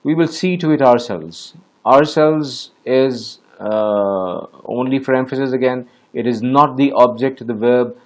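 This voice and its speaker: A man teaching an English grammar lesson, explaining methodically with frequent hesitations. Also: medium pitch. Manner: measured, methodical, with many hesitations.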